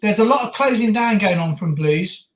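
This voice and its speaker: A woman co-hosting a live stream, reacting enthusiastically to a football match and shouting at big moments. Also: mid-range voice, animated, moderate pace, echoey room. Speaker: stream co-host.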